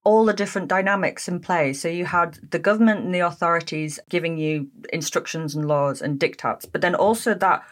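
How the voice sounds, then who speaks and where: A woman with a slightly low voice hosts an interview. She muses aloud in a relaxed, conversational way before she puts open questions to her guest. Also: brisk, hardly any pauses.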